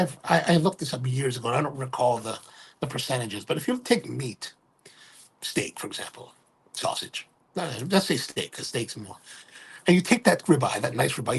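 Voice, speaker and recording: Middle-aged male livestream host, gravelly and husky, casual rambling talker who self-corrects. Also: medium pitch. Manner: rambling, self-correcting, keeps asking "right?". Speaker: livestream host and coffee retailer.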